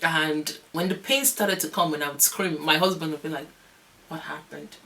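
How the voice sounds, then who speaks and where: A young woman vlogger telling a long story in a casual, animated, rambling way, often laughing. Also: low voice, normal speed, slight background noise. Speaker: vlogger, new mother.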